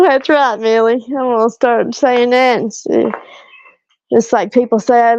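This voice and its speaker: A woman's voice: on the high side, steady tone, unhurried, long pauses, darkish tone, no echo, highs cut off. A woman chatting casually on a live stream from her parked car, self-deprecating and laughing often as she answers viewer comments.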